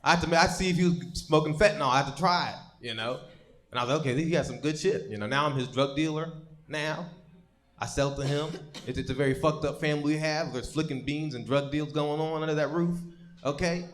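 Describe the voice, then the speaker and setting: A man's voice: fairly high pitch, quick pace, a bit bright. A young man doing a live stand-up set on a comedy stage, telling rambling, profane stories with lots of stammered restarts. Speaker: stand-up comic.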